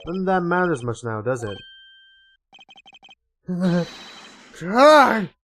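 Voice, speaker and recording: A man voicing a jaded, calm veteran male attorney while reading game text aloud, speaking low, quiet and dry. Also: very slow, soft background music, full character voice. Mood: weary.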